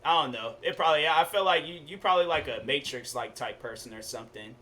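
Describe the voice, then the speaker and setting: A young man streaming a game, chatting casually with viewers and telling stories in relaxed slang. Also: on the high side, fast. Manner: laid-back, chatty, storytelling with slang. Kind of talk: casual gaming stream chat.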